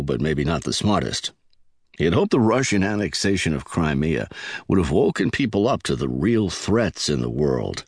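A man reading a thriller novel aloud as an audiobook narrator, in a steady, measured storytelling manner. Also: sits low, dry recording, clean studio sound.

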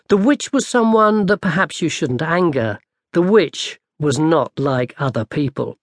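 A man narrating an audiobook in a lively, dry storytelling manner. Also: on the high side, no room sound. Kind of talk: scripted narration.

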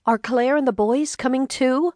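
A woman voicing a wry, sharp-tongued older mother who speaks sarcastically in a raised, exclaiming voice. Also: high-pitched, normal speed, no room sound, clean studio sound, pitched above the performer's own voice, lightly acted. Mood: curious.

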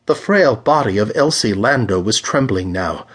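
A man narrating a pulp thriller audiobook in a measured, dramatic reading style. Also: lowish voice, animated, a bit bright, slightly rough.

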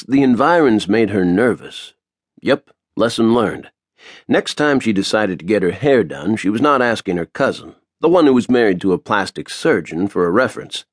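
A male audiobook narrator with a fairly low voice, reading with a wry, playful touch. His delivery swings up and down with plenty of melody, and the recording is close and dry with no room sound. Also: dry recording. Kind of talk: scripted narration.

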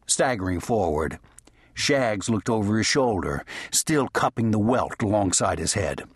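Male narrator for a western audiobook; husky, dry close read. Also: fairly low pitch, very animated, a little slow, dry recording. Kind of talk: scripted narration.

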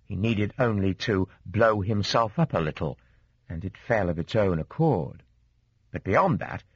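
A male audiobook narrator with a low-set, husky voice that swings lively in pitch. The delivery is expressive, and the recording is close and dry with a dull, lo-fi tone. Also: dry recording. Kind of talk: scripted narration. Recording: dull dry studio sound.

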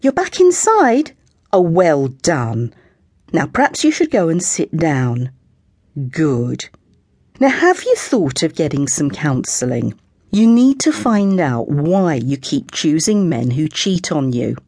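A woman voicing a chatty middle-aged mum with a brisk, soothing counsellor tone, in an audiobook. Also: low-pitched, big pitch swings, a little mellow, husky, no room sound, studio quality, full character voice. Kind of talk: audiobook character voice.

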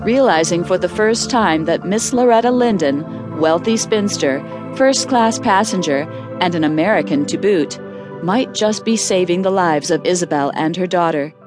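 A woman narrating an audiobook in a measured storytelling voice. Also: on the low side, animated, music in the background. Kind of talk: scripted narration.

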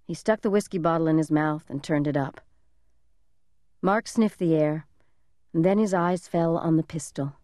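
A woman narrating a thriller audiobook in an even, measured storytelling manner. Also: low-pitched, dry recording, studio quality.

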